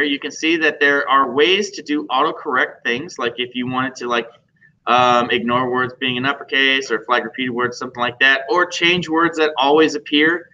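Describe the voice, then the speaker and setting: A man's voice: on the high side, pushed and bright. A man teaching a class at a computer, chatty and joking, often asking the students questions. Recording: dull lo-fi classroom recording.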